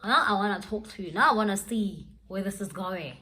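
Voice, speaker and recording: A woman's voice: medium pitch, animated, fairly quick, bright, forceful tone, slight background noise. A young woman telling a dramatic storytime vlog, switching languages as she goes. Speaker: vlogger. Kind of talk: storytime vlog, casual chat.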